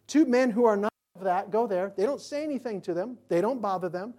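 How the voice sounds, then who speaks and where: Male pastor delivering a sermon; emphatic preacher, animated, fond of rhetorical questions. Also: sits high, fairly quick. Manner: animated, swinging from loud to quiet.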